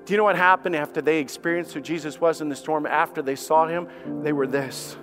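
A man's voice: fairly even intonation, fairly quick. Fervent man preaching over music. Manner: impassioned, acts out doubting voices with rising pitch; stammers and repeats words. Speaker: pastor. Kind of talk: sermon.

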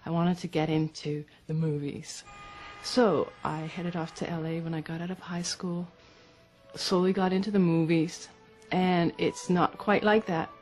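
Thoughtful woman in her fifties, lowish voice. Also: level tone, a little mellow, soft background music. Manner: thoughtful, slow, searching for words. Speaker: interviewee. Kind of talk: reflective personal account.

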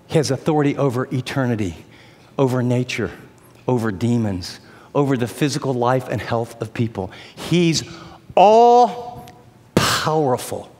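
A man preaching a sermon as an animated storyteller who acts out the voices of the people in his story. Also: mid-range voice, long reverb tail.

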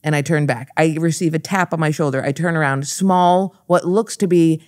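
Brash, animated woman telling a story. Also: sits low, moderate pace, no room sound, studio quality. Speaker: comedian guest on a podcast. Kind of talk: casual chat, storytelling.

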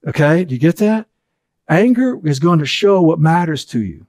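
A man's voice: a little high, animated, moderate pace, darkish tone, no room sound. A middle-aged man giving an earnest teaching session, repeating key phrases for emphasis.

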